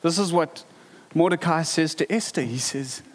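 A man preaching a sermon, emphatic and animated, with rhetorical questions to the congregation. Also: a little high, normal speed, big-room sound. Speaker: pastor.

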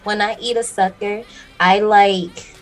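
A woman's voice: mid-range voice, steady tone, slow, rough recording. A young woman co-hosting a podcast, chatting casually, laughing often and saying y'all. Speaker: podcast co-host. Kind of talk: casual chat.

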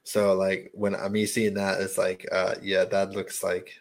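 A man co-hosting a sports podcast in casual chat, talking in halting restarts and laughing easily. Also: low voice, monotone. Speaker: podcast co-host.

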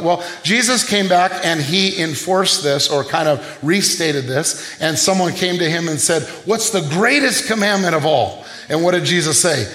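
A high-voiced male pastor preaches a sermon, rapidly posing questions and calling for responses. His somewhat bright voice echoes through a reverberant room.

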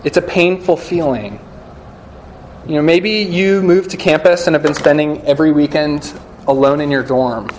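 A young man gives a relaxed sermon-style talk to students in a room. His voice sits a little high for a man, and he rambles in a chatty, joking way, peppering his sentences with "like". A faint hiss runs under his voice. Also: normal speed. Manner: chatty and joking, leans heavily on "like" and "you know". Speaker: speaker at a campus student gathering. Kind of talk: casual sermon-style talk to a live audience. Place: room with a live audience.

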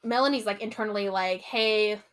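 Young woman, podcast host, slightly high voice, casual recap, acts out quotes, swears a lot. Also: moderate pace, a bit bright. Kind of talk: casual book recap chat.

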